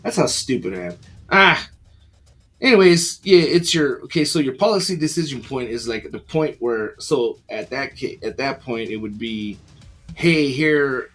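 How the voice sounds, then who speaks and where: Man, husky voice, rambling casual explainer, faint music behind. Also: mid-range voice, animated, moderate pace, fairly bright tone. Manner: rambling, many fillers and restarts, self-deprecating. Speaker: book reviewer.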